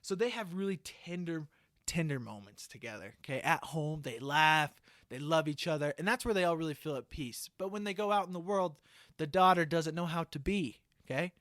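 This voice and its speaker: A man on a podcast pitching a movie idea like a comic storyteller, checking in with "okay?" after almost every phrase. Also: expressive, normal speed, a bit bright, dry recording, studio quality. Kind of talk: casual comedic pitch.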